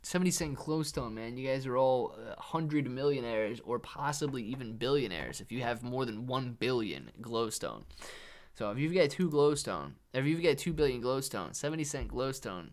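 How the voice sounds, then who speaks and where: A man's voice: mid-range voice, animated, moderate pace. Laid-back man reading chat on stream. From Ohio, USA. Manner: laid-back, reads chat aloud, calls viewers man and dude. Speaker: livestream trading host. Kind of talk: casual livestream chat.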